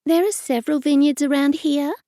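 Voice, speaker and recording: A woman's voice: high voice, fairly even intonation, brisk, mellow, no echo, clean studio sound, pitched above the performer's own voice, lightly acted. A woman voicing an uncertain, fussing older aunt who trails off as she speaks, in an audiobook.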